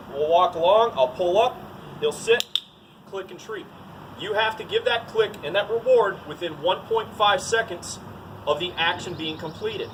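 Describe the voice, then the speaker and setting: A man with a voice a little higher than most talks through a dog training routine. He is plain-spoken and direct, and keeps saying "all right" between steps. Outdoor hum and passing traffic can be heard clearly behind him. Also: moderate pace, recorded from a distance. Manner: plain, to-the-point, says "all right" often. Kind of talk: casual outdoor training demo.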